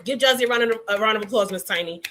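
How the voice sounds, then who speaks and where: A woman hosting a casual hair care livestream, teaching and teasing viewers by name in an animated way. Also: mid-range voice, very fast, slight background noise.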